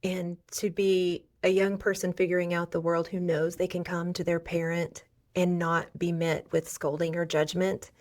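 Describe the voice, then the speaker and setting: A middle-aged woman hosting a podcast, who affirms her guest and agrees warmly. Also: fairly low pitch, flat delivery, moderate pace. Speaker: podcast host. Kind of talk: podcast interview conversation.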